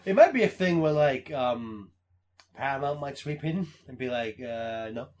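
A man co-hosting a podcast in casual chat, animated and swearing, laughing as he acts out quotes. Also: medium pitch, moderate pace. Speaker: podcast co-host.

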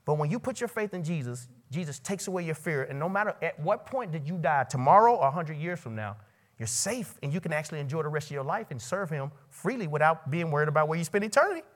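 A man preaching a sermon to a college ministry gathering, asking the crowd questions and swinging between loud rises and quiet drops. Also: a little high, expressive, quick pace. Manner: asks the audience questions. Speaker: pastor. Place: college ministry meeting hall.

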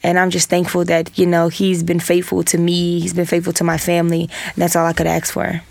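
A woman in her twenties, an interview guest, speaking earnestly with a gravelly voice and many fillers. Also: lowish voice, completely flat delivery, a little fast, darkish tone, no room sound. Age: 20s.

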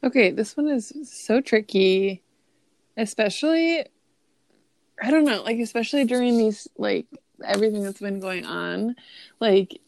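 A woman's voice: medium pitch, unhurried, vocal fry, a little mellow, no echo. A woman co-hosting a casual chat, talking hesitantly with a lot of fillers. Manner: hesitant, full of "like" and "um".

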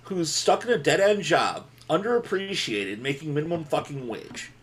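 Male podcast co-host, swears freely, tells stories with a lively, rising and falling delivery. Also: fairly high pitch, normal speed. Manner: profane, animated storyteller. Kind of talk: casual group chat, storytelling. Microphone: remote video call.

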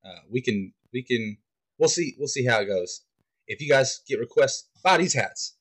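A man on a podcast as a guest, chatting in an easygoing, halting way. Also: mid-range voice, slightly rough. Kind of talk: casual podcast chat.

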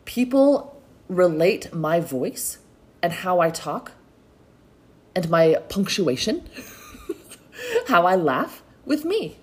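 A woman's voice: fairly low pitch, sing-song, extremely slow, long pauses, darkish tone. A middle-aged woman hosting a solo podcast, talking in a chatty, encouraging way and calling her listeners y'all. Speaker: podcast host. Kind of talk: motivational solo podcast talk.

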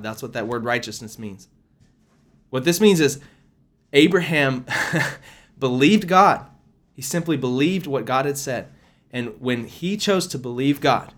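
A man preaching earnestly and prayerfully, calling his listeners y'all and slowing down to press on key words as he explains scripture. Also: medium pitch, a bit bright. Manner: slows and leans harder on words when explaining scripture. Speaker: preacher sharing a prophetic word. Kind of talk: spontaneous sermon and scripture reading.

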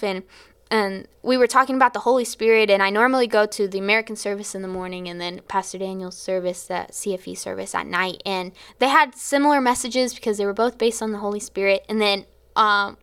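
A young adult woman who teaches shares a casual spoken faith testimony, chatty and story-driven, acting out her own quotes and laughing often. Her mid-range voice is smooth and a bit bright.

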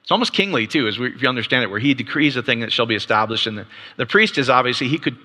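A man with a bright, forceful, medium-pitched voice and lively intonation leads a loose, conversational Bible lesson with slides for a group in front of him. He keeps tossing in a quick "right?" and stumbles into restarts and stammered repeats. A long reverb suggests a large hall.

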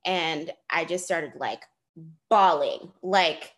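A woman's voice: sits low, slow pace, fairly bright tone. A woman in her twenties telling a personal story on a podcast, laughing often and dropping to near-whispers for asides. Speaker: podcast co-host.

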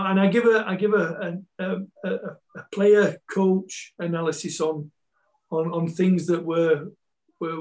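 A man's voice: on the high side, darkish tone, low-quality recording. Man with a Yorkshire Scottish accent. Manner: rambling with many repeats and restarts. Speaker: football coach and pundit guest. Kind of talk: casual chat, storytelling.

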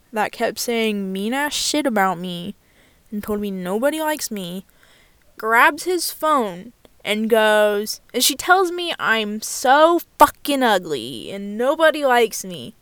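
With a slightly high, smooth voice and a fairly bright tone, a young woman chats from her car with no room sound. It's a frank, profane storytime vlog, her sentences packed with "like."

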